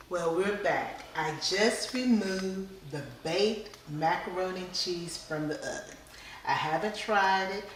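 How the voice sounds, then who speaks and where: A woman's voice: low-pitched, far from the mic, background noise. A woman hosting a cooking show, tasting her dish on camera. She hums over each bite and keeps slipping into a whisper. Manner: drifts into whispering, savoring hums. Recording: echoey room, voice away from mic.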